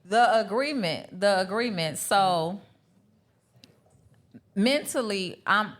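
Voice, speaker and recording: A woman's voice: medium pitch, expressive, takes it slowly. A woman co-hosting a live podcast panel, telling a personal story in an earnest way and repeating her points for emphasis. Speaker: podcast co-host. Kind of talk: candid chat at a live brunch panel.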